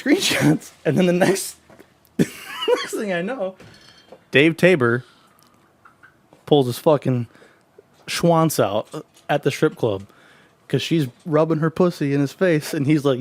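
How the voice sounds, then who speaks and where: A man co-hosting a casual podcast tells rambling, profane stories and laughs his way through them. His voice is fairly high, with slight background noise.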